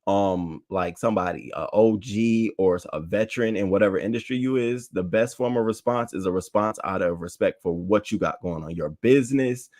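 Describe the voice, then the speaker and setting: A man talks through celebrity gossip in casual, slangy commentary, speaking straight to his online chat. His delivery is animated, with frequent asides and restarts, as he reads tweets aloud. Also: fairly low pitch, normal speed, few pauses. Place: home setup, talking to chat.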